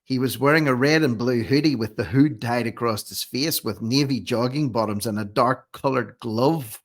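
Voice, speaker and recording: Guy doing a commentary vlog, reads out the news then gets all worked up asking why, mid-pitch voice. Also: normal speed. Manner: indignant rhetorical questioning; reads news reports aloud, then argues. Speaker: host of a commentary channel.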